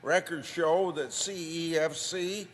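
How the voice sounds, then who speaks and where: A man, a senator, giving a formal floor speech and deliberately reading out quoted documents. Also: on the high side, steady tone, big-room sound.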